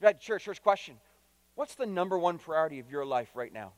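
A man's voice: fairly high pitch, expressive, a little fast, no room sound, big-room sound. A man preaching a sermon to his congregation, emphatic, repeating key phrases and putting direct questions to his listeners. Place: church.

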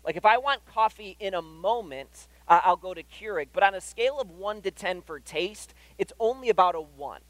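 A man's voice: high voice, animated, normal speed, few pauses, fairly bright tone, no room sound, rough recording. A man preaching a sermon in a church, conversational and often asking "right?". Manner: conversational, keeps checking in with "right?". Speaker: pastor. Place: church hall.

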